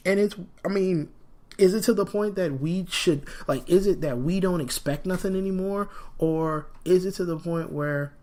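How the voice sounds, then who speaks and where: A man hosting a solo podcast in a rambling, animated way, sniffling from a cold. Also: sits high, normal speed. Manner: rambling and animated, frequent fillers. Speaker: podcast host. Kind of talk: casual solo podcast talk.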